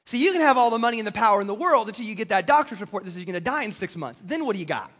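A man preaching a sermon as pastor, emphatic and full of quick restarts, in a church. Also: high-pitched, lively intonation, a bit bright. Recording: long reverb of a large hall.

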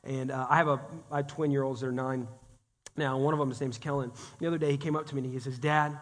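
A man giving a conversational sermon as a guest pastor, animated and talking directly to the congregation. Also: mid-range voice, fast talker. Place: church sanctuary. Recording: long reverb of a church hall.

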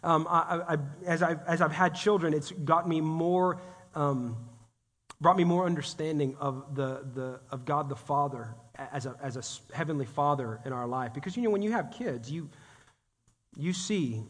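Man, guest pastor, high voice, conversational sermon, addresses the congregation, long church-hall reverb. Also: normal speed. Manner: animated, talks directly to the congregation. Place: church sanctuary.

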